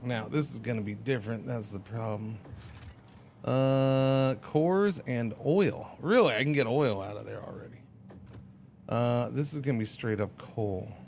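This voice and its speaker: A man's voice: medium pitch, normal speed, vocal fry, a little mellow, a little hiss or hum. A man streaming a game, chatting casually and rambling with playful exclamations. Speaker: livestreamer. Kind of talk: casual gaming commentary.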